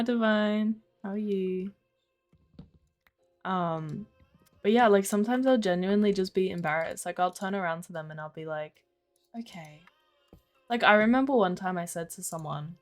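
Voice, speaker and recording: A young Australian woman on a live stream, casually telling stories with lots of "like", swearing and frequent laughter. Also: on the low side. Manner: chatty storytelling, heavy use of 'like', swearing, laughing. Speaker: livestreamer.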